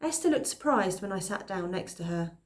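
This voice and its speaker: A woman reading a children's novel aloud at a calm pace, pausing now and then to explain a phrase. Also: mid-range voice. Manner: calm, pauses to explain words. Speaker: reader.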